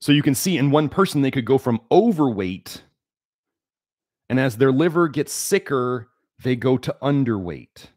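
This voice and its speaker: Man, livestream health host, emphatic lecturer who hammers key words, mid-pitched voice, dry close sound. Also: lively intonation, normal speed, darkish tone, no room sound.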